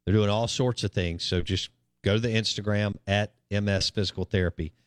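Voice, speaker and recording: A man's voice: on the low side, steady tone, a little fast, no echo. A man hosting a radio sports talk show, chatting casually and rambling with plenty of ums and uhs.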